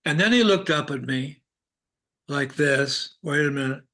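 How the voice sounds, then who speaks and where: An older man from Arkansas, an actor guest telling anecdotes in a meandering, halting way and chuckling often. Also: fairly high pitch, bright, forceful tone. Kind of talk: casual anecdotal storytelling.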